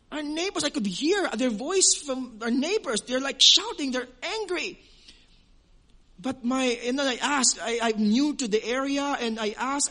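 Filipino male pastor, high voice, earnest sermon delivery with halting repeats. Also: fairly bright tone. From Western Visayas, Philippines. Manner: earnest, repeats words while searching for phrasing.

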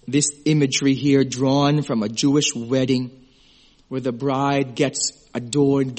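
Earnest pastor guy preaching, slow and heartfelt, gets hushed then excited. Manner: earnest and emotional, swings from hushed to high excited. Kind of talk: sermon.

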